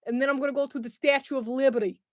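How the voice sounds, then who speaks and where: Brash New York street guy, put on by a woman, mock accent, punchy and loud. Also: sits high, fairly even intonation, very fast, very noisy, natural voice. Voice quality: loud, clipped, exaggerated.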